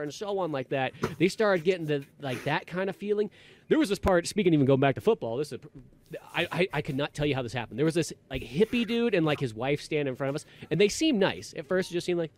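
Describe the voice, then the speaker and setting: A man's voice: fairly high pitch, animated, quick pace. A man hosting a podcast, telling a long casual story with plenty of fillers and restarts. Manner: rambling, heavy on fillers and restarts. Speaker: podcast host.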